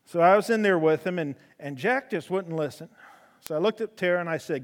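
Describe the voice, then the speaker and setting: A man preaching a sermon in folksy storytelling style with humor, swinging from loud emphasis to soft, low delivery. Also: brisk. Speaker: preacher in a horse ministry. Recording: long hall reverb.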